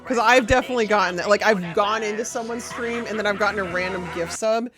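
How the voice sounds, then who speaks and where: A woman streaming a game, chatting casually with viewers in an excitable, giggly, gushing way. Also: medium pitch, quick pace, music in the background. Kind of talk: casual live-stream chat.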